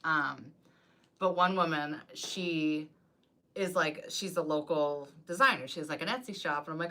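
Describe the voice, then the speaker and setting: Chatty woman with a bright, forceful voice. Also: low-pitched, moderate pace. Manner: rambling and chatty, full of "like". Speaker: wreath designer and business coach. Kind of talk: casual live-stream chat.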